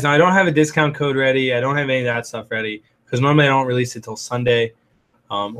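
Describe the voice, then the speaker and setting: Raspy man chatting casually on a livestream. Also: mid-range voice, bright, forceful tone. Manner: rambling, heavy on "um" and "like"; reads viewer comments and answers them. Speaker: livestream host.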